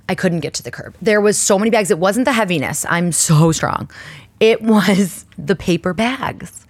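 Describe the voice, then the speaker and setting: A woman's voice: mid-range voice, moderate pace, husky, no room sound. A woman hosting her own show, chatting casually and rambling with lots of fillers and laughs. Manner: laughs often mid-sentence. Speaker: podcast host. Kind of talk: casual solo chat. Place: indoor studio under lights.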